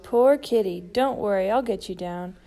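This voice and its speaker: Childlike giant bird done by a woman, eager and wondering, storybook read-aloud, mellow tone. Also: mid-range voice, normal speed, lightly acted. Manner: eager, wondering, sometimes plaintive. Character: cheerful gentle giant yellow bird, childlike.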